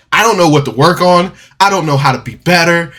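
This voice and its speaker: A man's voice: fairly high pitch, normal speed, sharp tone. A man telling a personal story to camera in a rambling, candid way, with frequent restarts and rueful laughs. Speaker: vlogger.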